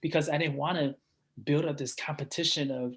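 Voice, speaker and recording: An energetic man talks in a casual interview, his voice sitting a little higher than most men's. He is a coach by trade and keeps tagging his points with "right?". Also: brisk. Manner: energetic, often adds "right?". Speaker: guest, performance coach.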